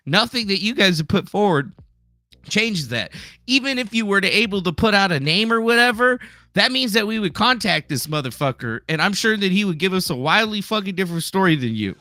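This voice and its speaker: A man with a high, very bright voice rants on a livestream, his pitch leaping all over the place. He talks heatedly and profanely and keeps breaking into shouts. The sound is dry and close, with music faintly under him. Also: no echo. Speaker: livestream host. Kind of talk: angry livestream rant.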